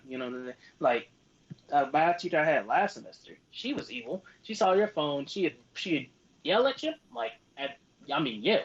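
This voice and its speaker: A man's voice: fairly high pitch, expressive, normal speed, fairly bright tone. A young man co-hosting a casual podcast, telling loose, profane stories and acting out what people said. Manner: loose, profane storytelling with acted-out quotes. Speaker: podcast co-host. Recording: dull lo-fi podcast audio.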